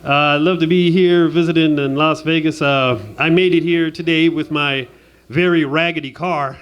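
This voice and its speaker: A man's voice: on the high side, fairly even intonation, normal speed, fairly bright tone, clean tone. A man doing a stand-up comedy set on stage, chatty and self-deprecating, laughing at his own jokes. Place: stage in Las Vegas.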